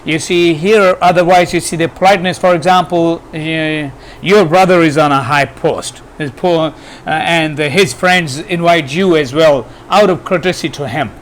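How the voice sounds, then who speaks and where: A man's voice: fairly high pitch, fairly even intonation, normal speed, a little hiss or hum. A man teaching grammar, hesitant, with many fillers and restarts. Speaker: English teacher. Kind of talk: grammar lesson.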